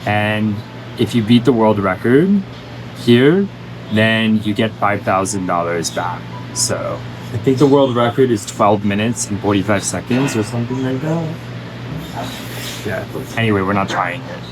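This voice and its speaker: A man telling stories on a travel vlog, chatty and animated, laughing as he talks, while out on a city trip. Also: lowish voice, a little slow, background noise. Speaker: travel vlogger. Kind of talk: casual travel vlog chat. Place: outdoors and in a restaurant on a city trip.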